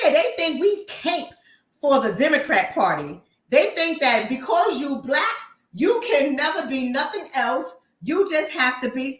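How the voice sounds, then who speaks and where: A woman's voice: a little high, fairly bright tone. Blunt, profane woman host in an echoey room. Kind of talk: livestream commentary.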